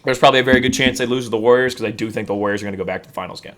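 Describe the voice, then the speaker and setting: Fast-talking bright male sports podcaster. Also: medium pitch. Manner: rambling, jokey, self-deprecating. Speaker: podcast co-host. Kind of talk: casual sports chat.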